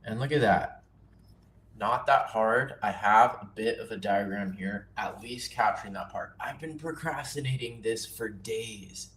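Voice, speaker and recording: A man casually teaching nature journaling on a livestream, relaxed and chatty with self-deprecating asides. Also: on the low side, unhurried.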